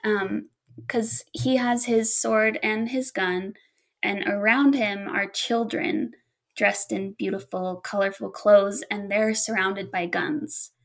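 A woman's voice: medium pitch, steady tone, slow pace, creaky. A woman telling stories in casual chat, laughing often as she talks.

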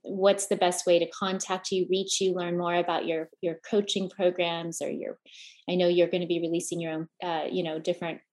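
Heartfelt, halting woman podcast host. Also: fairly low pitch, little pitch movement, a little mellow. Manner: heartfelt, repeats words while searching for them. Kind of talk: emotional conversational chat.

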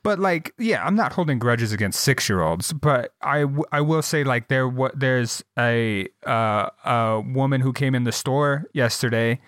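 A young man tells stories in relaxed podcast chat, candid and animated, with casual swearing. His mid-pitched voice sounds dry and close to the mic. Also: a little slow, hardly any pauses, dry recording. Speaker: podcast co-host.

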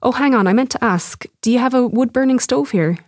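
A woman's voice: fairly high pitch, fairly quick, darkish tone, no room sound, clean studio sound, pitched above the performer's own voice, close to an everyday voice. A woman voicing an awkward, hesitant young man who works as a tree surgeon in a short story. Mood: casual.

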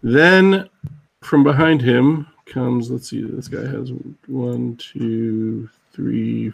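A man running a tabletop game as game master, laid-back and quick to laugh, on a video call. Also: mid-range voice, creaky, husky. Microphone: video call mic.

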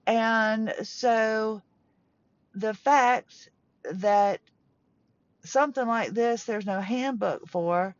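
A woman's voice: fairly high pitch, drawn-out words, long pauses, no echo, highs cut off. A woman in her fifties hosting a podcast, rambling through personal stories from a parked car, emotional and often interrupting herself. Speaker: podcast host.

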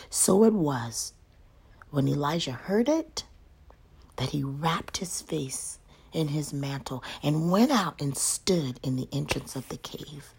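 A woman teaches from scripture in a hushed, breathy voice that often sinks to a half-whisper. She speaks slowly and deliberately, pitched a little low. Now and then she presses key lines with sudden emphasis. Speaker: devotional speaker. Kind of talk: Bible devotional teaching.

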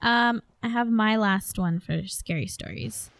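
A woman's voice: medium pitch, unhurried, vocal fry, no echo. A young woman co-hosting, chatting casually and reading a story aloud. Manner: chatty, lots of fillers like 'like'. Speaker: podcast co-host.

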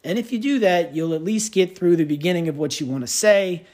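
A man's voice: a little fast, darkish tone. A man hosting a podcast, telling stories in a rambling, wry, self-mocking way. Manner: rambling, wry, self-mocking storyteller with big pitch swings. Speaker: podcast host. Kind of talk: casual monologue.

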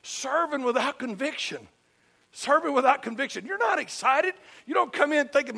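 A man's voice: extremely high pitch, lively intonation, normal speed, vocal fry, sharp tone. An older man from Georgia with a Southern accent, preaching a sermon in a folksy, emphatic storytelling manner with humor. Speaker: pastor.

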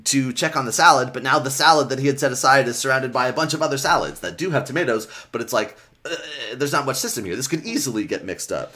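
A man's voice: medium pitch, lively intonation, fast, few pauses, sharp tone. A man casually recapping a children's book on a podcast, swearing freely and reading passages aloud. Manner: loose and profane, reads excerpts aloud. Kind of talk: casual chat.

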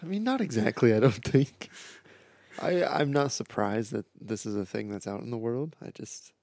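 A man's voice: mid-range voice, expressive, normal speed, creaky, darkish tone, no room sound. A man casually chatting about a movie on a podcast, laid-back and wry. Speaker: podcast co-host. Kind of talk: casual movie review chat.

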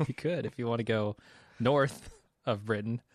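A man's voice: medium pitch, moderate pace, dry recording. A man co-hosting a podcast, giving blunt, opinionated movie takes in casual chat and laughing often. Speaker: podcast co-host.

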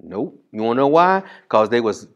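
A male pastor preaching a sermon in a casual, call-and-response style, reading scripture slowly and swinging from loud bursts to hushed asides. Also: mid-range voice, dull audio.

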